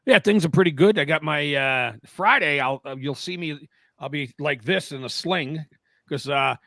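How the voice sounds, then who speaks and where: A man's voice: a little high, normal speed, gravelly, bright, forceful tone, dry recording. A middle-aged man from New Jersey in a casual radio chat, telling rambling stories and often interrupting himself. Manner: rambling storyteller, self-interrupting.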